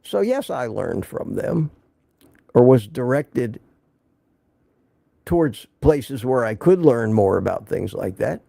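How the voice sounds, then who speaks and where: Older man, live stream host, joking and rambling, gravelly, mellow, recovering from illness. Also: medium pitch, very animated, takes it slowly, pauses often, dry recording, clean studio sound. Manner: joking, rambling, reads viewer comments aloud. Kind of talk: casual live stream chat.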